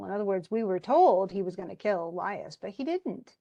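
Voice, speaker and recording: Lady teacher walking a class through a play, chatty and slangy, mid pitch. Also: moderate pace, vocal fry, hardly any pauses, muffled recording. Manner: lively, casual retelling with slangy asides. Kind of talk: classroom lecture retelling a play.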